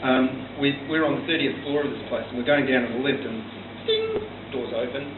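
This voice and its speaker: A man's voice: medium pitch, steady tone, brisk, reverberant. A man from South Australia with an Australian accent doing his first stand-up set, full of ums and restarts, telling dry stories. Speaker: first-time stand-up comedian. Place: small comedy bar stage. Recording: tinny distant room recording with hum.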